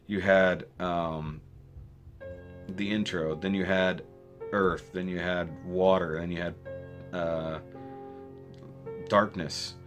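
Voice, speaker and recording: A man recapping a show in a casual spoken review, rambling and excitable, with restarts and rhetorical questions. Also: sits low, slow pace, long pauses, soft background music. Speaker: video reviewer.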